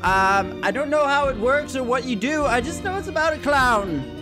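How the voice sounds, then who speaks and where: A man's voice: extremely high pitch, expressive, normal speed, music in the background. A man hosting a horror game playthrough, jumpy and swearing, with frequent startled yelps. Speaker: let's play host.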